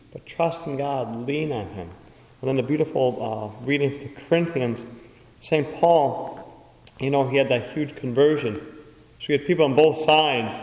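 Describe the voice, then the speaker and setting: Priest preaching in an echoey church. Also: male voice, mid-range voice, darkish tone. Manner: storytelling with acted-out quotes. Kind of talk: sermon.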